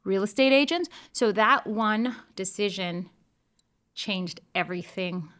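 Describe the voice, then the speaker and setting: Bright, emphatic woman. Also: mid-range voice. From Colombia. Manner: emphatic, playful, quick bursts. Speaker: guest, real estate broker. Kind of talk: animated interview talk.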